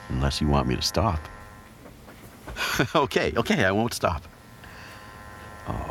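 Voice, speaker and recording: A man narrating an intimate erotic audio role-play in a low, teasing voice that often slips into a whisper. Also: huge pitch swings, slow, vocal fry, pauses often, noisy background.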